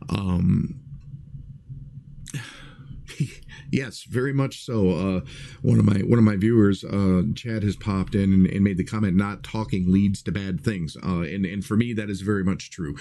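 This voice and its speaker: Low gravelly man musing to his viewers. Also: unhurried, mellow. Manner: rambling, many fillers and restarts; earnest, reflective. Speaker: streamer talking to viewers. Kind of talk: casual livestream monologue.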